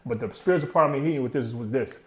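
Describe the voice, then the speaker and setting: A man's voice: mid-range voice, racing, roomy sound. A man in his thirties telling his own story candidly in an interview, streetwise and heavy on slang, often trailing off. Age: 30s. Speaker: interview guest.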